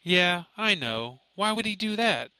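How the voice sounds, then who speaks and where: A man's voice: sits high, very animated, unhurried, sharp tone, smooth, no room sound, pitched above the performer's own voice, full character voice, rough recording. A man voicing a distraught, grieving young man who speaks in a shaky, pleading way, close to tears, in an audiobook. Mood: frightened. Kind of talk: audiobook character voice.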